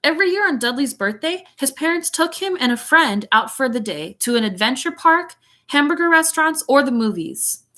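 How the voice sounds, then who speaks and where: A woman's voice: high voice, sing-song, moderate pace, pushed and bright. Giggly woman teacher reading aloud. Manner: giggly, chatty, playful asides. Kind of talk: chatty read-aloud with asides.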